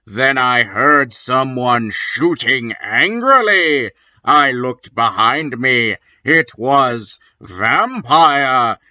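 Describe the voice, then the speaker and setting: A man giving a comedic dramatic reading in dry, deadpan narration, on a dull lo-fi recording. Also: medium pitch. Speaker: reader.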